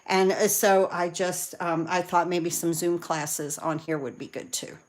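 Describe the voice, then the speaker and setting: A woman chatting excitedly with viewers while she demonstrates card making live from her craft room. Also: fairly low pitch, measured pace. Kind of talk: live crafting demo chat.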